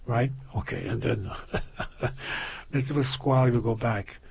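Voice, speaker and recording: A man's voice: mid-range voice, slow pace, vocal fry, a little mellow, husky. An older man in casual chat, rambling through stories with many restarts and laughing at his own jokes. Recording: dull lo-fi sound.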